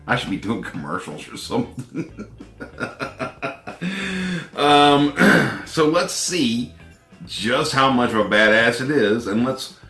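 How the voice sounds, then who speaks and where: A man reviewing a pocket knife in a casual vlog. He has a runny nose, keeps clearing his throat, and chuckles at himself in a wry, laid-back way. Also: mid-range voice, animated, slow, long pauses, sharp tone, echoey room, soft background music.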